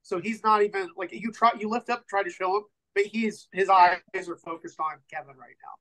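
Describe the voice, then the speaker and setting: A man narrating as game master in a tabletop game, relaxed and halting with many fillers. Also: sits high, poor audio.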